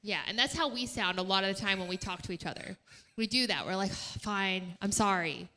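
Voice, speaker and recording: A woman co-leading a relaxed talk at a church night. Her voice is bright and clear-edged, and she explains things earnestly, step by step. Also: medium pitch, fast. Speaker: co-presenter. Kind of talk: casual teaching talk on stage.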